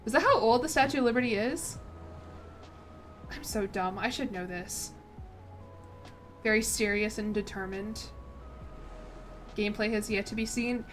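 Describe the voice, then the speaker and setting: A woman's voice: mid-range voice, a little slow, pauses often, faint music behind. A young woman streaming a strategy game, chatting casually and thinking aloud in a self-deprecating way. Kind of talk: casual gameplay commentary.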